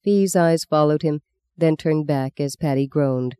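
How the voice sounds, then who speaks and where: Male audiobook narrator, measured storyteller, slightly higher voice, dry studio sound. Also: dark tone, clear, resonant tone, no room sound.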